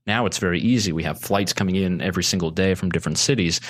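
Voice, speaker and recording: Low-voiced guy on a podcast, earnest, keeps restarting sentences, pushes his point. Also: fast talker. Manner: earnest, persuasive, lots of restarts. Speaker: guest, consumer advocate. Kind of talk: casual podcast chat.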